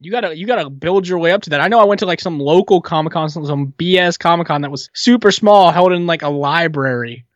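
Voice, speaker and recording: Casual co-host, quick interjections, dry sound. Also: mid-range voice, dry recording, lo-fi sound. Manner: chatty, interjecting, swears casually. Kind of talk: casual chat.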